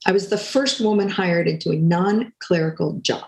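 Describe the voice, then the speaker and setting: Animated older woman telling a story. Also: on the low side, moderate pace, echoey room, poor audio. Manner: animated, acts out quotes. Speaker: guest speaker. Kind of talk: storytelling talk.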